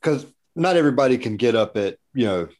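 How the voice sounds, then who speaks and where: Fast-talking, swearing man. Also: mid-range voice, expressive, darkish tone. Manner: fast, profane, joking storytelling. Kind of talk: casual chat.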